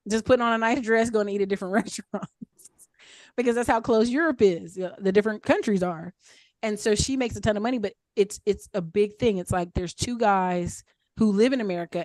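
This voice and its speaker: In a casual online group coaching session, a woman with a mid-range, slightly mellow voice answers questions as a mastermind group speaker. She's chatty and upbeat, full of fillers, and repeats her points for emphasis. There's no room sound.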